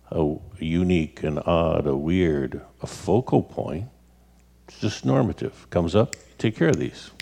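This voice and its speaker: Deep gravelly pastor man. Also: dark tone. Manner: earnest, repeats words as he gathers thoughts. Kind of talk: sermon.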